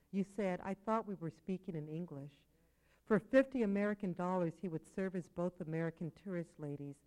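Woman poet reading in a low, measured voice. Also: a little mellow, rough recording. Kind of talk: live poetry reading. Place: poetry venue with audience.

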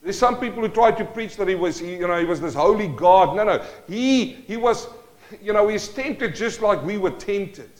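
A man's voice: high-pitched, expressive, moderate pace, rough recording. A male pastor preaching a sermon, asking the congregation rhetorical questions and acting out prayers in shifting tones.

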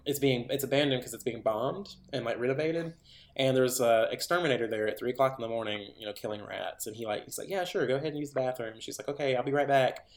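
A man on a casual podcast retells a horror movie at length. He rambles and fills every pause with "like" and "um", and his pitch sits in the middle. He slips into the characters' lines as he goes, and the room around him has a noticeable echo. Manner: rambling, filler-heavy, acts out characters' lines. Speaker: podcast co-host.

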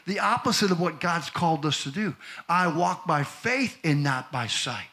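Preaching man, shouting at his peaks. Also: fairly high pitch, lively intonation, moderate pace. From Missouri. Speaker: pastor. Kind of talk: sermon. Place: church in front of a congregation.

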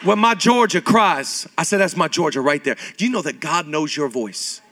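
A male pastor in his thirties preaching a sermon, animated, firing rhetorical questions at the congregation. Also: on the high side, moderate pace, slight background noise. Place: church stage.

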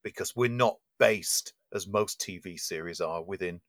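A man with a very low voice chats about films as a podcast co-host, thinking aloud and circling back on his words. The sound is dry and close to the mic. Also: normal speed, no room sound. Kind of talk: casual film chat.

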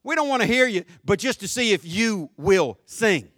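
A man in his fifties with a Southern US accent from Florida, preaching a folksy sermon that swings between quiet asides and loud shouts. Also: high-pitched, lively intonation, normal speed, dry recording, studio quality. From Jacksonville, Florida. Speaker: pastor.

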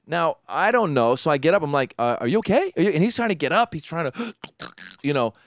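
Smooth-voiced man telling an animated story. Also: on the high side, fast talker, no room sound, studio quality. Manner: animated storyteller, many restarts, acts out voices. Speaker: podcast co-host telling a story. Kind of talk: casual chat.

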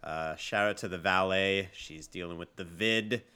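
Lower-voiced man, dry and hesitant. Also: measured pace, bright, forceful tone, clean tone. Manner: dry, hesitant, with many fillers. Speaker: podcast co-host. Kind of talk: casual chat.

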